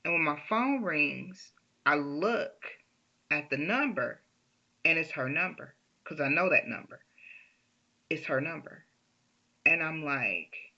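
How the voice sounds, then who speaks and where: Gravelly, bright woman telling a story slowly. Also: low voice, highs cut off. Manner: animated, emphatic retelling with frequent restarts. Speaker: vlogger telling a personal story. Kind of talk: casual storytime monologue.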